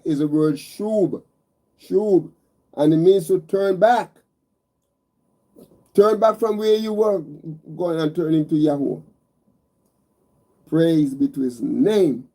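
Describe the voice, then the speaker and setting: A man's voice: fairly high pitch, mellow. A man preaching a meditative sermon, repeating phrases and calling his listeners brothers and sisters, stacking emphatic single words.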